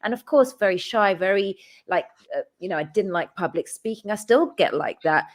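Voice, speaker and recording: A woman's voice: medium pitch, lively intonation, normal speed. A woman hosting a casual chat, thanking her guest and viewers with feeling and frequent ums and restarts. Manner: emotional, warm thanks with many ums and restarts; tearful, calls herself a crybaby. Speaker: host.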